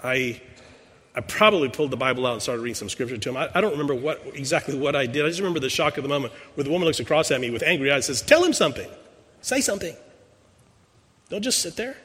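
Recorded in a large hall with long reverb, a pastor in his sixties delivers a sermon built on a personal story. His mid-range voice is rapid-fire and fairly bright with a breathy edge, and his conversational telling often restarts mid-word.

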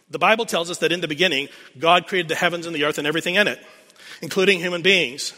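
A man's voice: fairly high pitch, quick pace, bright, forceful tone. A man preaching a sermon, retelling a scripture scene as a story and repeating key phrases for emphasis. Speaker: pastor. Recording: long reverb of a large hall.

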